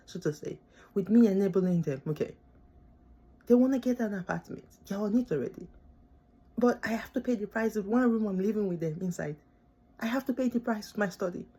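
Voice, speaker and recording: This vlogger's voice sits on the high side, dark in tone with a breathy edge. She's a young student living away from her country of birth, delivering an impassioned, pleading rant to camera and repeating things for emphasis.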